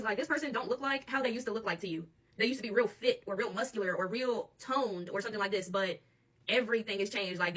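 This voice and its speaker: Tarot reader, woman, AAVE, quick and sharp-toned, mic set back a bit. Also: medium pitch, distant mic. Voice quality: blunt and profane, laughs often. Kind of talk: channeled tarot reading monologue.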